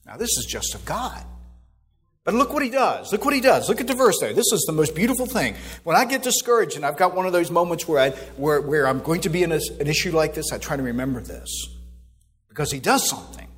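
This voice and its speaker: A middle-aged man preaching a sermon as pastor, swinging from loud exhortation to soft asides. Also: on the high side, sing-song, fairly quick.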